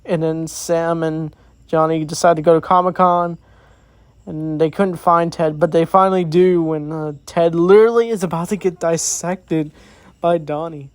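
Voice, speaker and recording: A man's voice: on the high side, steady tone, normal speed, clean tone, dry recording. A man giving a casual, rambling movie review, recapping the plot with many fillers and quoted lines.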